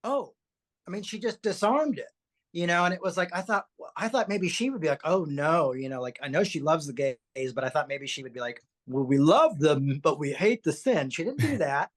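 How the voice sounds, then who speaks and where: Podcast host, lively storyteller, casual and chatty, stumbles and repeats words. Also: medium pitch, fairly quick. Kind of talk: podcast conversation, personal storytelling.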